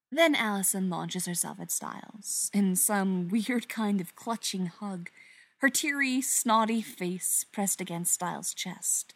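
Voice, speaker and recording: A woman reading fan fiction aloud in an expressive, wry storytelling manner. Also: mid-range voice, a little slow, creaky, breathy edge, no echo. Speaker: reader.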